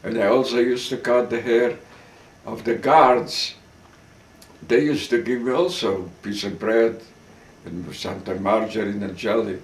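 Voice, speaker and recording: An older man giving oral history testimony as a survivor, telling his story slowly and haltingly with restarts and occasional coughs. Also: on the low side, steady tone, recorded from a distance. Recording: roomy sound, speaker off-mic.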